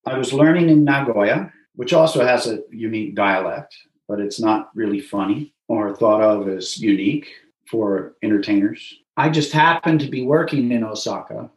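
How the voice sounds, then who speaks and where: An American man, an interview guest, telling stories in a lively, casual way. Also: on the low side, moderate pace. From United States. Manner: animated storyteller who acts out voices. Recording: roomy echo.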